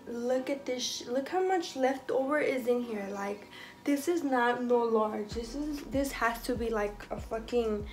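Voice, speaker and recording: High-voiced, foul-mouthed young woman vlogging. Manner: blunt, swears a lot, animated and chatty. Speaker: fashion vlogger. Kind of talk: casual try-on haul chat. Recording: echoey room, faint music behind.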